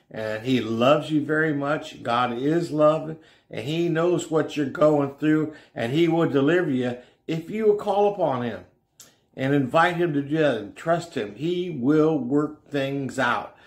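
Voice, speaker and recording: A middle-aged man preaching a conversational sermon in a plain-spoken way, often saying "you know" and laughing softly. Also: mid-range voice. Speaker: radio preacher.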